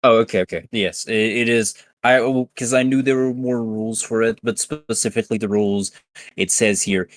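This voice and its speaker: Low-voiced man explaining game rules. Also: fairly even intonation, a little fast, dry recording. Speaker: player. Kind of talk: playing a tabletop game over voice chat.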